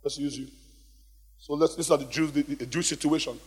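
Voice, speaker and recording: A man preaching a lively sermon in a church hall, calling out to the congregation for responses. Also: fairly high pitch, fairly quick, slightly rough. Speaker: pastor. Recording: long hall reverb.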